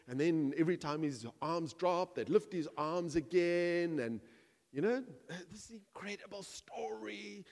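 A man preaching a sermon to his church, animated and humorous, acting out imagined voices and asides. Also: a little high, measured pace, vocal fry, long reverb tail. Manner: animated, acts out quoted voices, jokes with the congregation. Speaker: pastor.

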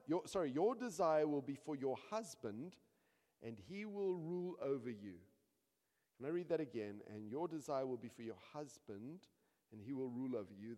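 A man preaching a sermon as a pastor, telling stories with acted-out quotes and building emphasis. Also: medium pitch. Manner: animated storytelling with acted quotes and rising emphasis. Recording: long hall reverb.

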